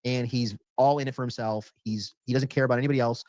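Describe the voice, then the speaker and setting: A man's voice: medium pitch, fairly even intonation, quick pace, a little mellow, dry recording. A man in heated casual chat, scornful and analytical, swearing as he picks someone apart.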